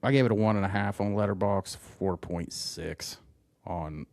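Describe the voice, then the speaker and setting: A man co-hosting a casual podcast, laid-back and swearing freely, with his voice often trailing off quietly. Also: fairly low pitch, moderate pace, no room sound. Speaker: podcast co-host. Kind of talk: casual chat.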